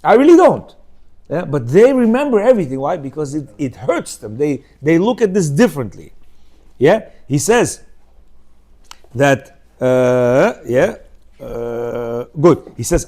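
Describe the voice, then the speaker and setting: Animated Bukharian-accented man teaching. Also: fairly high pitch, measured pace. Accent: Bukharian Jewish. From Uzbekistan. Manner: animated, asks listeners rhetorical questions. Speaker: Torah class teacher. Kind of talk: informal religious class talk.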